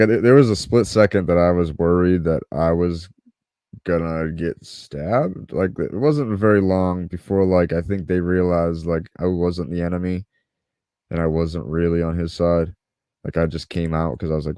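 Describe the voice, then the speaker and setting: A podcast host with a low, mellow voice tells a story in a laid-back way, swearing freely and acting out what other people said. The recording is dry, with clean studio sound.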